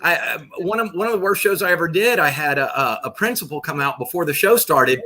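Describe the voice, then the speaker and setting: A man's voice: a little high, expressive, brisk, bright, forceful tone. A man who is a children's entertainer, telling a rueful anecdote in casual conversation. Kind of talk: casual storytelling.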